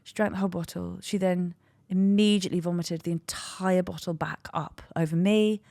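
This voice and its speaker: A woman in her thirties with a low voice tells a story with frank, self-mocking humour. She rambles and restarts her sentences as a comic podcast host. She is recorded dry and close on a studio mic. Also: fairly even intonation, moderate pace, vocal fry, mellow, no room sound. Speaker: podcast host and stand-up comedian.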